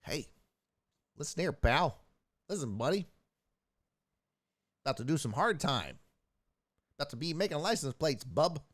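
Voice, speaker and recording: A man putting on the voice of a gruff, mocking tough-guy cop who makes corny threats, as a joke on a streamed talk show. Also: a little high, very animated, a little slow, pauses often, a bit bright, full character voice.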